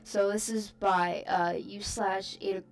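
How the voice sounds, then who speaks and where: A woman's voice: mid-range voice, fairly even intonation, unhurried, vocal fry. A woman hosting her channel, reading a rhyming online post aloud with amused, giggly asides.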